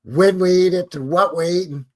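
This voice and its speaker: A man's voice: high-pitched, moderate pace, darkish tone, pitched above the performer's own voice, natural voice. A man doing a brash Australian bloke. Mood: jokey. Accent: put-on Australian. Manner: drawling, slangy.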